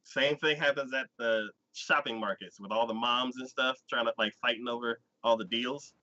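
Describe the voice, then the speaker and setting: Bright-voiced man recapping casually, lo-fi audio. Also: medium pitch, fairly even intonation, normal speed. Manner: rambling storyteller, many fillers, acts out quotes. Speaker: podcast host. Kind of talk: casual anime recap chat.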